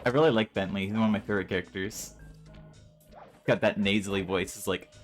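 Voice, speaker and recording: Chatty low-voiced guy streaming a game. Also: steady tone, fast talker. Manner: chatty, rambling with fillers. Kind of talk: casual gameplay commentary. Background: game music.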